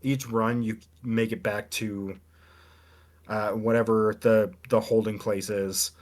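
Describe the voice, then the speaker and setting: A man's voice: lowish voice, flat delivery, slow. A man in casual chat on a gaming podcast, explaining a game demo, rambling with many restarts and fillers. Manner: rambling, hesitant, full of ums and restarts. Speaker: podcast co-host reviewing game demos.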